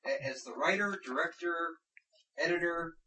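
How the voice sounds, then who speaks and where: A man's voice: fairly high pitch, moderate pace, pushed and bright, slightly rough, rough recording. A man, writer and director of the production, joking laid-back with his actor between takes.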